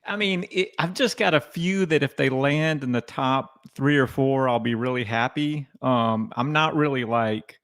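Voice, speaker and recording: A man's voice: mid-range voice, a little slow, hardly any pauses, a bit bright. Laid-back man with a Southern drawl. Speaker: guest co-host.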